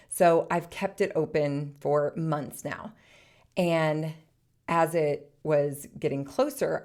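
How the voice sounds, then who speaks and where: Brief: woman podcast host, low voice, chatty storyteller, quick to laugh. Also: a little mellow. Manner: chatty, laughs often, many "like"s. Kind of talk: casual personal storytelling.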